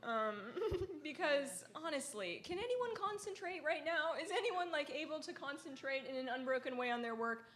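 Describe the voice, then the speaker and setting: A woman from the American Midwest takes audience questions as a guest author, her voice sitting a little on the high side. She laughs through her answers and pokes fun at herself, dropping swear words offhandedly. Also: lively intonation, moderate pace, few pauses, fairly bright tone. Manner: laughs often, self-mocking, swears freely. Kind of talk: casual audience Q&A.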